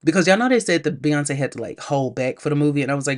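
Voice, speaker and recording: A woman giving a casual movie review, chatty and animated, laughing often and talking straight to her viewers. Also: low voice, quick pace. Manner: addresses viewers directly, acts out characters' lines.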